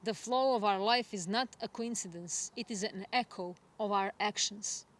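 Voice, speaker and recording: A woman astrologer giving a spiritual forecast monologue, gentle and reflective, unhurried and earnest. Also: medium pitch. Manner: gentle, reflective, soft laughs.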